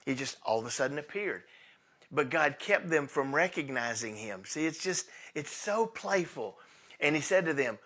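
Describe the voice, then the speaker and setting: A pastor preaching an Easter sermon, retelling the scripture with animated storytelling and acted-out dialogue. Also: male voice, fairly high pitch, moderate pace, husky.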